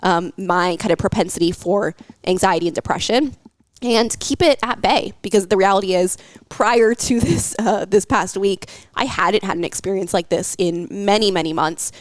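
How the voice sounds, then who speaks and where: Young woman coach, open and emotional, halting speech, dry close sound. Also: medium pitch, no echo. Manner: candid, emotional, halting with fillers. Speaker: health coach. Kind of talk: personal podcast talk.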